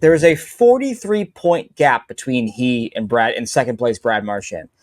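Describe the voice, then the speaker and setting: Man, sports radio guest, dry close sound, animated storytelling, mid pitch. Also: dry recording. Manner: animated, fast storytelling with repeats. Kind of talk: casual sports chat.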